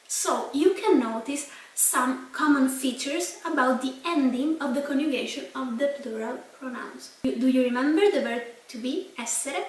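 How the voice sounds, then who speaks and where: Young italian woman, italian accent, high voice, echoey room, mic set back. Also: far from the mic. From Italy. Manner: spells out and repeats words slowly. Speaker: language teacher. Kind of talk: slow, careful language lesson.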